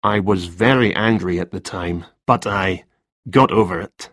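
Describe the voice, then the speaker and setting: A man voicing a nervous middle-aged male writer who rambles and hedges, with a husky voice. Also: deep voice, measured pace, a bit bright, dry recording, studio quality. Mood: subdued. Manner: hesitant, rambling and defensive.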